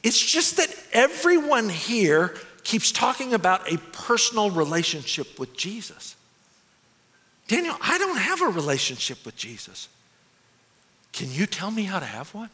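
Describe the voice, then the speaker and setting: A man voicing a shy, earnest young woman who is new to a youth group, speaking softly and hesitantly. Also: high voice, wildly swooping pitch, measured pace, full character voice. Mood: shy, troubled. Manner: soft and hesitant. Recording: long hall reverb.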